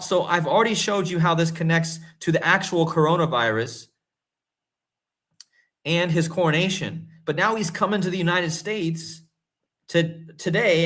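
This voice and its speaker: Male host, casual commentary, excitable and emphatic, voice slightly high. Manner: excitable, rising to incredulous emphasis; talks to viewers directly, often calling them guys and folks. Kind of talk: casual conspiracy commentary to camera.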